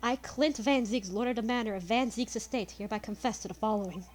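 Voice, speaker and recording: A woman reading aloud as a male nobleman confessing in his last will, slow and halting over the words. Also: on the high side, faint music behind, natural voice. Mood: grave. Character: male gentleman writing a murderer's confession. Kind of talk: reading game dialogue aloud.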